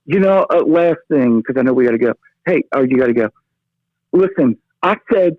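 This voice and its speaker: A worked-up man rants about his team over a thin, phone-like line. His voice sits a bit high and dry, and he punches his points with "okay?" and "brother.". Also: big pitch swings, normal speed, no echo. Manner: fired-up, ranting, peppers lines with "okay?" and "brother". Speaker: caller. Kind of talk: phone-in sports rant.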